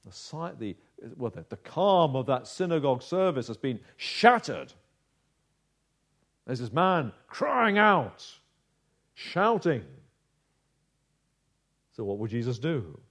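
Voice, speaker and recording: A man preaching a sermon in a dramatic, measured way, slowing down to stress key phrases. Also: mid-range voice, big pitch swings. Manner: dramatic, measured delivery with slowed emphasis.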